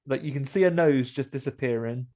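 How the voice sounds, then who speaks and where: Male co-host, mid-pitched, jokey film-recap banter. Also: brisk, mellow. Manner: chatty, jokey, acts out quoted lines. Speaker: podcast co-host. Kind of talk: casual film recap chat.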